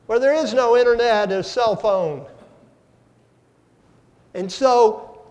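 A male pastor preaching a sermon, slow and deliberate, with dramatic swings from soft to loud. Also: very high voice. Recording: long hall reverb.

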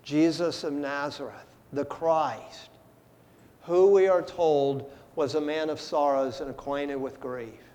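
A male pastor preaching a sermon, slow and deliberate, with dramatic swings from soft to loud. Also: a little high. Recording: long hall reverb.

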